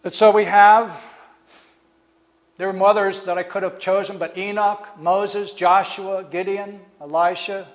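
A man's voice: sits high, level tone, unhurried. A man preaching a sermon, retelling stories in a conversational way and acting out the speakers in them. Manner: storytelling, acts out speakers in the stories, fillers.

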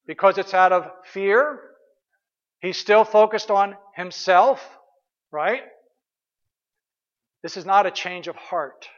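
A man's voice: high-pitched, takes it slowly, pauses often, in a large hall, lo-fi sound. A man pastor giving an earnest, conversational sermon with emphatic repeated phrases.

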